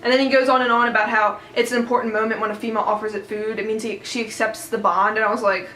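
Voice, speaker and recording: Woman gushing about a book she read, rambling and excited, kinda high voice, echoey room. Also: fast talker, hardly any pauses, a little hiss or hum. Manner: excited rambling retelling with many fillers. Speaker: book vlogger. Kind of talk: casual book discussion.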